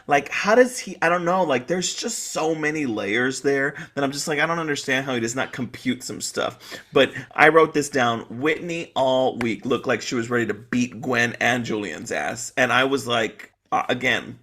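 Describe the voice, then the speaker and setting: Male guest co-host, casual chat, bright forward tone, jokey interjections. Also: mid-range voice. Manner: jokey, chimes in with quick quips and laughs.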